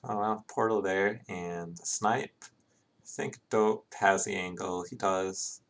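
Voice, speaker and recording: Guy calling an online game live, gravelly voice, laid back chatty play by play. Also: deep voice, takes it slowly. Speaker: esports commentator.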